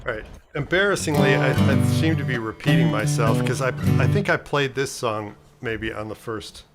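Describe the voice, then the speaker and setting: A man performing at an online open mic, introducing his song self-deprecatingly and singing with guitar over a video call. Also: medium pitch. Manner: self-deprecating, quick when talking.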